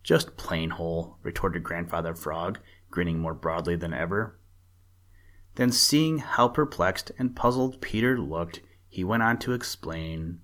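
A man narrating a children's animal story for a reading podcast, steady and measured. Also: low-pitched.

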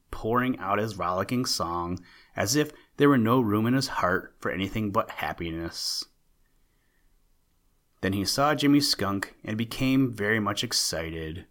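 A man hosting a podcast, reading a children's animal story aloud in a calm, measured way. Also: on the low side.

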